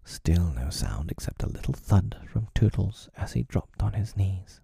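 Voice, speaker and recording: Man narrator, whispered role-play storybook, slow and husky, dry close sound. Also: on the low side, no echo. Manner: slow, hushed reading.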